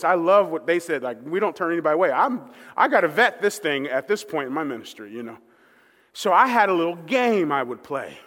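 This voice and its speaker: Man, pastor, sermon, high voice, storytelling, echoey church hall. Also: fairly bright tone. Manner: conversational storyteller acting out quoted voices. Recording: long reverb of a large hall.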